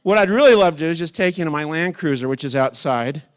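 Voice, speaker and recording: Man, keynote guest speaker, chatty with the crowd, smooth voice. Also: on the high side, animated, fast talker. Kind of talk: conference keynote talk. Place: large conference hall on stage.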